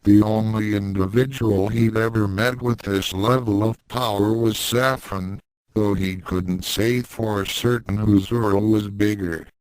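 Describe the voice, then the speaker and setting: Guy reading fanfic aloud, calm and measured, smooth clear voice, kinda low. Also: no room sound, rough recording. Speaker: narrator. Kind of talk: fan fiction audiobook reading.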